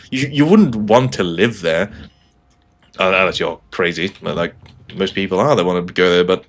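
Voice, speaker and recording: Low-voiced joking male streamer. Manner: joking, laughs often, sarcastic asides. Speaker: game streamer. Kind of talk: casual live-stream chat.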